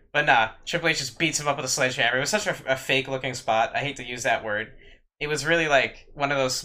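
Bright-voiced podcast co-host, laid-back. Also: male voice, medium pitch. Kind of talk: casual chat.

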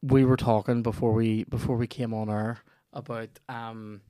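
A young man with a Northern Irish accent hosts a casual podcast. He jokes, swears and laughs his way through a sponsor read. His voice is smooth and dry. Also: medium pitch, flat delivery, moderate pace, mellow, dry recording. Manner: sweary, joking, laughs often. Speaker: podcast host.

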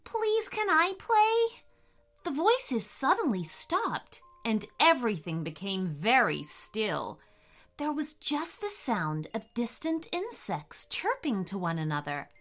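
A woman reading a bedtime story aloud in a gentle, expressive way. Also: mid-range voice, slow pace, faint music behind.

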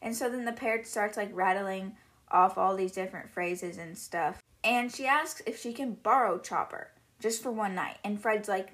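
A woman's voice: mid-range voice, normal speed, a bit bright. Casual woman retelling a book. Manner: casual, filler-heavy retelling. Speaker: podcast host.

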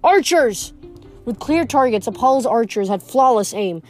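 Woman reading a chapter book aloud, unpolished, slightly high voice, soft music underneath. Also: moderate pace. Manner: plain reading with small slips and restarts. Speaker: reader.

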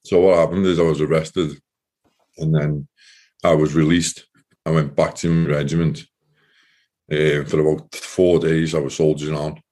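A man, a former soldier, giving halting, emotional testimony as an interview guest and often repeating his words. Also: rumbling low, flat delivery, warm tone.

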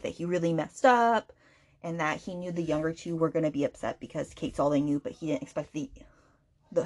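A woman hosting a book podcast, retelling a romance novel's plot in a chatty, animated way with lots of fillers. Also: deep voice. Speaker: book review podcast host. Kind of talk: casual book recap.

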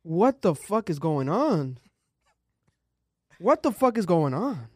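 A man's voice: high-pitched, sing-song, takes it slowly, breathy edge, no room sound, studio quality. A man casually reacting to an interview clip, rambling with many restarts and swearing. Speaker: reaction streamer.

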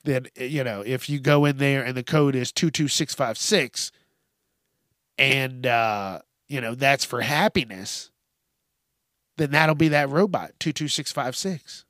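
A man's voice: mid-range voice, dry recording, clean studio sound. A man hosting a casual solo news podcast, swearing freely and laughing as he rants about odd stories. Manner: profane, animated and laughing often. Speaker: podcast host.

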